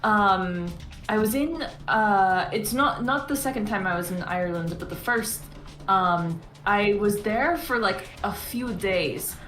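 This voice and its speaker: A woman's voice: medium pitch, a little slow, a bit bright. Woman player, chatty rambling anecdote-teller, echoey room. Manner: rambling, chatty storyteller with many restarts. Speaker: tabletop game player. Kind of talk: casual out-of-game chat.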